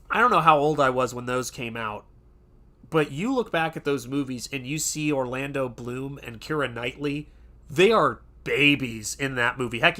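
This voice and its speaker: Bright-voiced man chatting casually. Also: mid-range voice. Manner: rambling, chatty, many fillers and restarts; does quick pirate voices in quotes. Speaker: art channel host. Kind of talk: casual livestream chat.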